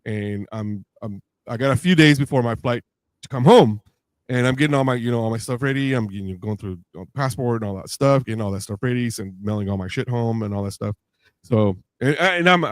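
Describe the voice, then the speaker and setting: Male guest on a talk podcast, lively storyteller, close dry mic. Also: medium pitch, fast talker, dry recording. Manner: animated storyteller, acts out quoted voices with laughs. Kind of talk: casual podcast chat.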